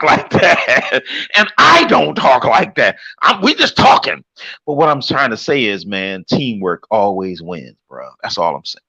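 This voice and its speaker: A man hosting a casual online panel talk, animated and repeating himself as he works through his point. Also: medium pitch, a little slow, creaky, slightly rough. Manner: animated, restarts and repeats often. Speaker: panel host. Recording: lo-fi online call audio.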